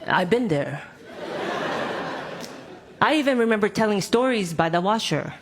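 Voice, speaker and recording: A young woman doing live stand-up comedy, animated and self-mocking, acting out the people she talks about. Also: mid-range voice, measured pace. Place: comedy club stage. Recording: live club, loud crowd laughter and noise. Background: loud audience laughter.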